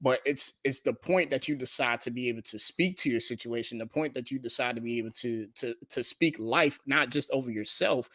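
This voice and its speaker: A man's voice: medium pitch, a bit bright, dry recording. A man co-hosts a faith-based podcast chat in an ordinary mid-range voice. He talks earnestly and circles back on his words, dropping "man" and "like." The sound is dry and close. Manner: earnest, repetitive with fillers like "man". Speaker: podcast co-host. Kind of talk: faith-based casual discussion.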